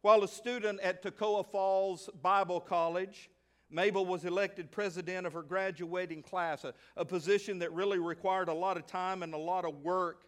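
A middle-aged male pastor preaching a sermon, animated, often asking the congregation questions and acting out the people in his story. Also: high voice, moderate pace. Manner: animated, acts out voices and asks the congregation questions.

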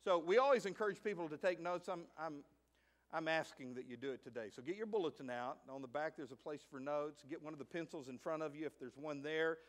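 A middle-aged male pastor preaching a sermon in an animated way, moving from hushed asides to loud, emphatic lines. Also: fairly high pitch, brisk. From United States. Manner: acts out a child's voice in stories.

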